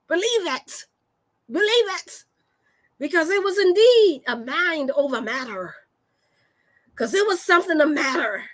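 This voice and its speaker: A woman, a wellness host telling an animated, folksy story to her listeners and laughing often. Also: sits high. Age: 40s. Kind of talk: storytelling to a live audience.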